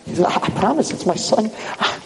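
A man's voice: high-pitched, big pitch swings, fairly quick, creaky, a little hiss or hum. A man giving a storytelling sermon, acting out the characters of his tale in shifting voices. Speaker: rabbi giving a lecture. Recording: hall reverb.

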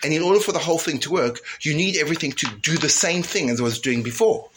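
Male teacher, casual, emphatic with hushed asides, frequent restarts, faint noise behind. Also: on the high side, fast. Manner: animated, swings from loud emphatic to hushed. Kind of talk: informal Torah class.

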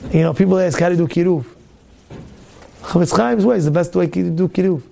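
A man's voice: sits high, brisk, creaky, mellow, slight background noise. A man teaching a Torah class, impassioned and repetitive, acting out the voices in his stories. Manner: impassioned, repetitive, acts out dialogue. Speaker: rabbi giving a Torah class.

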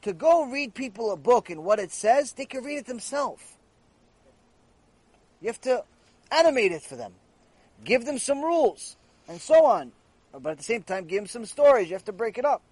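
A man's voice: very high voice, big pitch swings, normal speed, long pauses, darkish tone, slightly rough, dry recording. A man teaching a Torah lecture, telling stories and asking rhetorical questions, repeating phrases for emphasis. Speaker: rabbi teaching a lecture series.

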